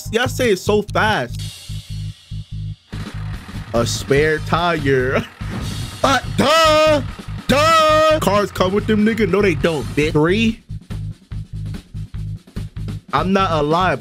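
Excitable young male streamer with a slightly high, very lively voice, quick to shout. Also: music in the background. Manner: loud, excitable, profane, bursts into shouts. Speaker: streamer reacting to a riddle video. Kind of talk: casual live reaction.

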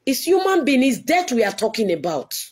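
A woman's voice: sits high, sing-song, moderate pace. A woman, a church leader, giving an earnest, pleading video address to her followers and repeating herself often.

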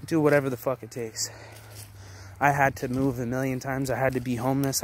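A man in his late twenties delivers an intense, profanity-laced rant at a middle pitch. His talk is blunt and forceful and stumbles over repeated words as he pushes his point. A faint ambient hum sits behind the voice. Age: 20s. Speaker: vlogger.

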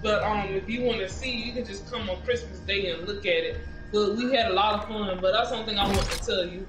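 A woman's voice: medium pitch, fairly even intonation, quick pace. An older woman, a grandmother, chatting on the phone in a rambling way. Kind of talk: casual phone call. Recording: roomy speakerphone with music behind.

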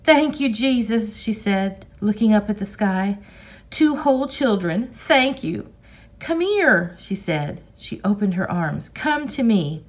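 A woman's voice: medium pitch, lively intonation, slow, voice pushed up. A woman voicing an older woman housekeeper who exclaims fervently. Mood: relieved.

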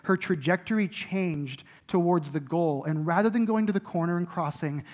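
A middle-aged man preaching a sermon as lead pastor, telling stories casually with lots of filler words, then turning soft and intimate. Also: high-pitched, moderate pace. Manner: animated storytelling with many likes and rights.

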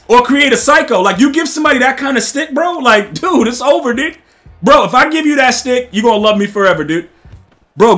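A man streaming a football video game, talking to his chat in excitable, trash-talking commentary that keeps breaking into loud shouts. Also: very high-pitched. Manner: excitable, trash-talking, repeats "dude" and "bro". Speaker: gaming streamer. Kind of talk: live gameplay commentary to chat.

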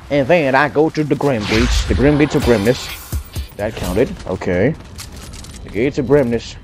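Man with a cowboy-like voice. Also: mid-range voice. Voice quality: sounds like a cowboy. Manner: mutters to himself and swears, drifting into drawled mock-dramatic lines. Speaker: streamer. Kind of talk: live gameplay streaming. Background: game music.

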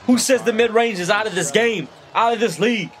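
A man hosting a reaction video, talking live over sports highlights, excitable and slangy, yelling at the players on screen. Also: fairly quick. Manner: slangy street talk. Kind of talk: live reaction commentary while watching highlights.

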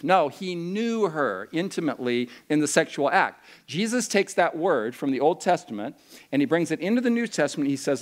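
A male pastor preaching to a youth camp. He moves between slow, solemn scripture reading and quick, joking asides. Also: fairly high pitch, very animated. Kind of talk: sermon to a youth camp crowd.

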